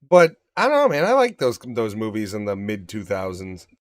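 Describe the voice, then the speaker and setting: A man co-hosting a casual podcast chat, animated and profane, getting loud for emphasis. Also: on the low side, moderate pace, dry recording. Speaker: podcast co-host.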